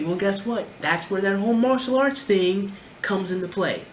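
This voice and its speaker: A man's voice: extremely high pitch, fast. A man giving reaction commentary in an emphatic, lecturing way, repeating his points. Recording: roomy echo, faint background noise.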